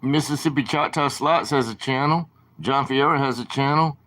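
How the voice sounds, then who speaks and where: A southern-drawling livestream host chats loosely with his late-night audience. He has a medium-pitched, slightly bright voice and keeps a moderate pace.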